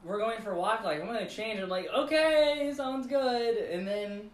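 A man's voice: high voice, normal speed. A man casually telling a long, rambling story to friends, laughing often as he goes. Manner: rambling, animated retelling with laughs. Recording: echoey room.

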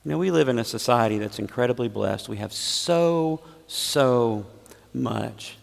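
A man preaching a sermon as pastor, swinging between loud emphatic points and quiet, low asides. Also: a little slow, gravelly, big-room sound.

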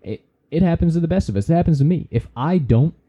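Dark-voiced man giving a folksy pep talk. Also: fairly high pitch, lively intonation, fast. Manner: folksy, preachy, swears casually. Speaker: podcast host. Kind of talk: casual motivational talk.

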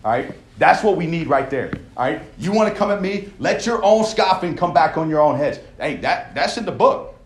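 A man's voice: on the high side, expressive, moderate pace, slight background noise. Young guy coach preaching hard, keeps asking all right?, echoey room. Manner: emphatic, conversational preaching with frequent "all right?" check-ins. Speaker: coach leading a devotional. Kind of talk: sermon.

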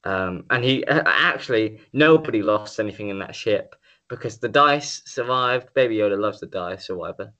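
A man's voice: on the low side, lively intonation, moderate pace, bright, forceful tone, muffled recording. A tired young man from the UK co-hosting a casual podcast, joking and rambling with swears. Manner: jokey, rambling, swears, mock announcer bits. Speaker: podcast co-host. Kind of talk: casual chat.

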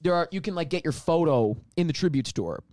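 A man's voice: on the high side, brisk, dry recording, clean studio sound. A man chatting casually as a podcast guest, telling stories with lots of laughter. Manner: animated storyteller, laughs often. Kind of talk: casual chat.

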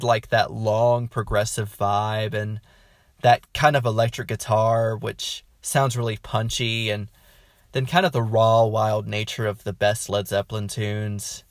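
A man's voice: fairly low pitch, no room sound, studio quality. A man giving a casual, enthusiastic album review, rambling with many "um"s and chuckling mid-sentence. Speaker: music reviewer.

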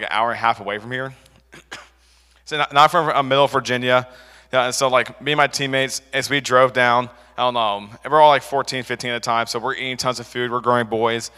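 Young guy preaching loosely, lots of "like"s, bright voice, echo of a big hall. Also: medium pitch. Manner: rambling, filler-heavy storytelling with restarts. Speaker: youth preacher. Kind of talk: casual sermon with a personal story.

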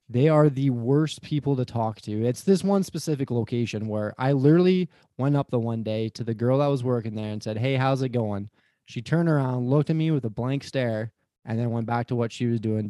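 A man as a podcast guest, swearing freely while he tells an animated story about his job. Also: mid-range voice, dry recording. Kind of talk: casual podcast chat.

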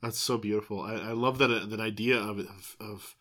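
A man's voice: fairly low pitch, steady tone, brisk, pushed and bright. A young man co-hosting a faith podcast, talking casually and eagerly, often repeating words as he thinks. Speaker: podcast co-host. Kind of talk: casual chat.

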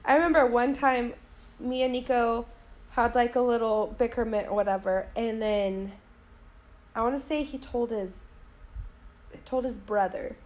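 A young woman co-hosting a podcast in casual chat, animated, laughing often and swearing freely. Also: a little high, unhurried, pauses often. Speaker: podcast co-host.

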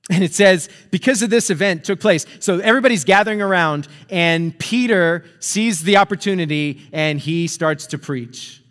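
A man's voice: sits high, moderate pace, few pauses, fairly bright tone. A man preaching a sermon, retelling a story in a casual, conversational way with frequent chuckles and asides. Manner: conversational, chuckling, checks in with "right?". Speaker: pastor. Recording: long reverb of a hall.

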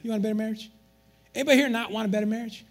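A man preaching a sermon as pastor, animated and joking with the congregation in a church. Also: high voice, racing.

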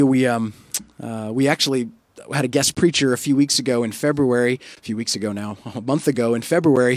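A man's voice: medium pitch, no room sound. Earnest male pastor preaching. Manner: earnest, reflective, with soft dropping pauses. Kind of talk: sermon.

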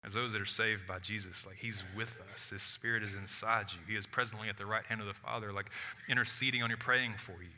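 A man preaching a sermon as pastor, shifting from loud emphatic lines to hushed soft ones, with casual asides. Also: fairly low pitch, fairly even intonation, fast talker. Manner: conversational asides with "like". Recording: long hall reverb of a church.

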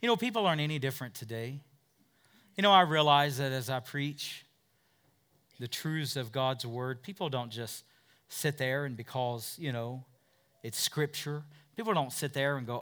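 A man's voice: mid-range voice, moderate pace, fairly bright tone. A man pastor preaching a sermon, emphatic, acting out quotes from listeners and scribes.

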